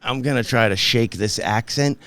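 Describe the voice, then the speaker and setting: A man with a light Boston-area accent hosting a podcast, teasing his guest with quick follow-up questions. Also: medium pitch, fairly bright tone, no echo. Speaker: podcast host. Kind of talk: casual podcast interview.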